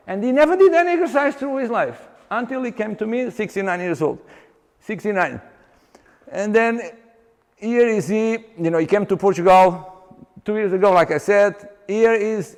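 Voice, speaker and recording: A man, an exercise coach, giving a live seminar talk with animated storytelling, halting often and restarting his sentences. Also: high-pitched. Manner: animated storyteller who acts out client dialogue; halting, with many restarts and fillers. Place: seminar venue with long reverb. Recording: reverberant hall recording.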